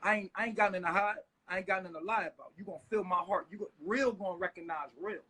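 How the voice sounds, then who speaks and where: High husky man ranting, swearing. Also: quick pace, rough recording. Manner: profane, agitated, bursts into shouting. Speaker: live streamer. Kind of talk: heated live stream rant.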